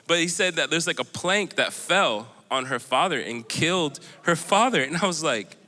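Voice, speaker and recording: A man's voice: fairly high pitch, lively intonation, moderate pace, sharp tone, soft background music. A man on a panel casually telling a story, rambling with lots of fillers and laughing as he goes. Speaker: panelist sharing a missions story. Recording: echoey hall with long reverb.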